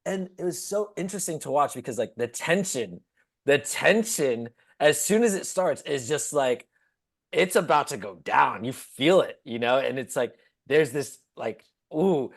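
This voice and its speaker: A man's voice: measured pace, vocal fry. A man co-hosting a podcast, telling stories casually, laughing often and acting out quotes. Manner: animated storyteller, acts out quotes in high squeaky voices, laughs often. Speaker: podcast co-host.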